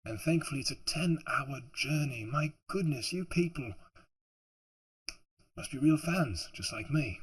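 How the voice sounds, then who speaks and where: An audiobook narrator, tired and putting on a British accent, rambles late at night, chuckling and poking fun at himself. His voice is a little high and slightly rough, with lively intonation at a measured pace.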